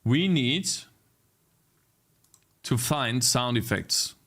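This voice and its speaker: A man's voice: medium pitch, animated, drawn-out words, fairly bright tone, a little hiss or hum. A man streaming his game development live, talking casually, reading chat aloud and ranting in exasperation with frequent swearing. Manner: reads chat messages aloud and answers them.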